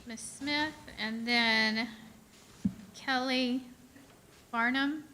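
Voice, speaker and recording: A woman chairs a public meeting, politely thanking speakers and calling the next names. She speaks slowly in a bright, higher voice, with faint room noise around her. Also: fairly even intonation. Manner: brief, polite, unhurried.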